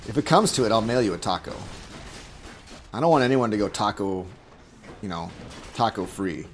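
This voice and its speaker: A man's voice: lowish voice, expressive, normal speed, a little hiss or hum. A man streaming a video game, chatting casually with viewers in a rambling, jokey way and chuckling at his own jokes into a desk microphone. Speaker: gaming streamer.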